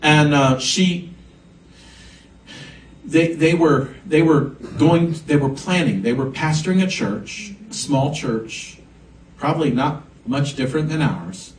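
A man's voice: on the high side, slow, a little hiss or hum. A man preaching a sermon as pastor, emphatic and swelling on key words. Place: church sanctuary. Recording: echoey church room, mic at a distance.

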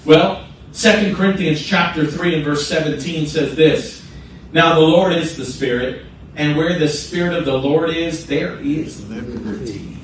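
A man's voice: a little high, moderate pace, slight background noise. A man preaching a sermon as pastor, leading the congregation in repeated declarations and prayer, with emphatic, repetitive phrasing. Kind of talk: sermon with call-and-response prayer. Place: church sanctuary. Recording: very echoey room, from a distance, with music. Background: soft guitar music.

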